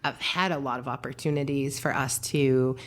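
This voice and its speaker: A woman's voice: rumbling low, steady tone, moderate pace. A woman hosting a casual interview chat, chatty, encouraging and playful. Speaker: interview host.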